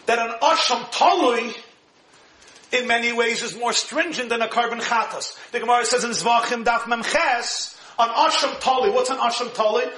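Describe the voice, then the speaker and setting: A man teaching a Torah lecture, animated and emphatic, often laughing as he explains. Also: very high voice, moderate pace, a little hiss or hum. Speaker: rabbi teaching Torah class. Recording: echoey room.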